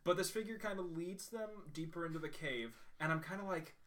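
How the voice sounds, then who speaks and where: Excitable swearing man, off-mic. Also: on the high side, a little fast. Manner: excitable storyteller, swears, restarts. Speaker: podcast co-host. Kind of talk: casual movie reaction chat. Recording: voice a bit far from the mic.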